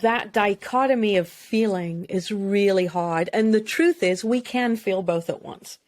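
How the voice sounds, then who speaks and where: A woman's voice: medium pitch, a little slow, a little mellow. A woman, a mental health expert, speaking candidly and emotionally as a guest on a podcast. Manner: earnest, emotional, speaks in long flowing runs.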